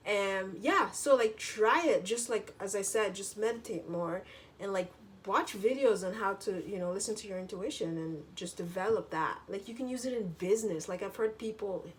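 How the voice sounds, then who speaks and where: Woman vlogger, casual chatty storyteller, filler-heavy, swears easily, middle pitch, faint room noise.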